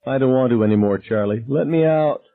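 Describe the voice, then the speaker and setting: A man voicing a hysterical, frightened teenage girl in a high, stammering, sobbing voice, on a dull lo-fi recording. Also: fairly even intonation, normal speed, natural voice. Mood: pleading. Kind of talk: audiobook character voice.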